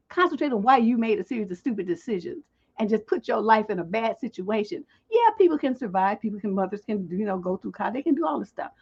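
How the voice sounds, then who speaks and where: A woman hosting a livestream relationship advice show, talking blunt, profane and scolding. Her voice sits fairly high with a husky edge. The audio is dull and lo-fi. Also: a little mellow. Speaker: relationship coach and livestream host.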